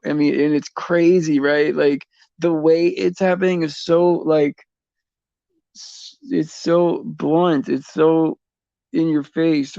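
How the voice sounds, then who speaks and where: A man with a gravelly, slightly high voice talks slowly and loosely in a casual faith chat. He rambles, stops and restarts, and chuckles as he goes. The sound is dry and a bit dull. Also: dark tone, dry recording. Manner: rambling, halting, many fillers and restarts, chuckling often.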